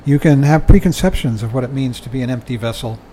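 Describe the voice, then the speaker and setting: A man's voice: mid-range voice, fast, mellow, a little hiss or hum, low-quality recording. An older man giving a dharma talk, reading from a book and commenting in a conversational way, often chuckling and saying "you know".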